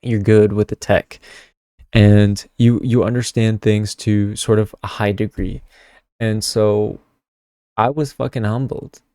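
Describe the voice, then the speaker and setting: A man's voice: fairly low pitch, steady tone, slow, dark tone, clean tone, dry recording, clean studio sound. A young man telling a story to camera in casual vlog chat, swearing freely and tagging lines with "okay?". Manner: chatty, swears a lot, keeps adding "okay?". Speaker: tarot vlogger.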